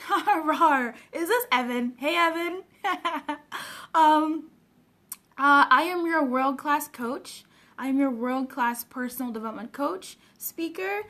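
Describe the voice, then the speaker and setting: A woman's voice: sits high, a bit bright. A woman, a personal development coach, chatting casually on a live phone stream and stopping often to greet viewers by name.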